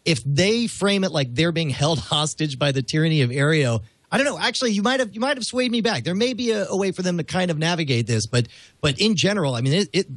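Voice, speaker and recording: A man's voice: on the high side, animated, fast, a bit bright, dry recording. A man co-hosting a tech news podcast in a chatty, hedging way with many fillers. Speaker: podcast co-host. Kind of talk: casual tech news discussion.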